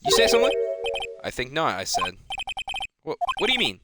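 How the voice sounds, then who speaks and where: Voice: mid-range voice, huge pitch swings, brisk, voice pushed up. A streamer voicing a pompous, evasive older male lawyer while reading game dialogue aloud. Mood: nervous. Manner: pompous, hesitant, hushed. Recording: loud game music behind.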